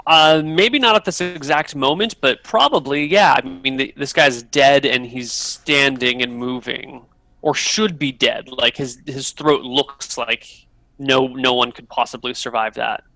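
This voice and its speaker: A man's voice: medium pitch, a little slow, bright, forceful tone, dry recording, rough recording. A man narrating as dungeon master, patiently explaining rules step by step. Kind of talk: narrating a tabletop game.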